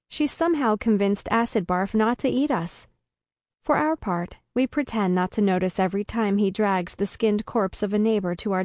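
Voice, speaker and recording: Woman doing deadpan audiobook narration, mid pitch, super dry close sound. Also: dry recording. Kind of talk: first-person audiobook narration.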